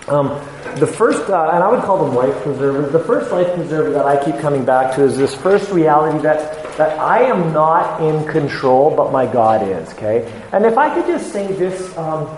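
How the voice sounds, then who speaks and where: Man in his forties, ministry speaker, earnest and halting, slightly high voice, echoey hall with long reverb. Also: big pitch swings, darkish tone, slight background noise. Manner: earnest, halting, many fillers and restarts. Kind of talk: conference talk. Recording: echoey hall with faint ambience.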